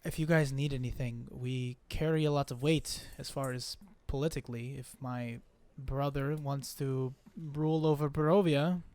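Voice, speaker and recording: A man's voice: medium pitch, fairly even intonation, normal speed, a little mellow, no echo, natural voice. A gracious noblewoman, voiced by a man. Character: polite noblewoman offering political help.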